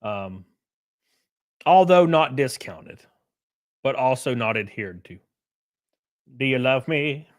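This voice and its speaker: A man hosting a livestream, answering chat messages in a brash, profane, animated way. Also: medium pitch, slow pace, pauses often. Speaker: livestream host reading chat.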